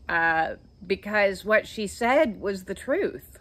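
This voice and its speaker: A woman in her fifties hosting her own channel, telling her life story in a slow, reflective way with many hesitant "uh" fillers. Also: mid-range voice, expressive, a bit bright. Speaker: channel host. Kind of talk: personal storytelling monologue.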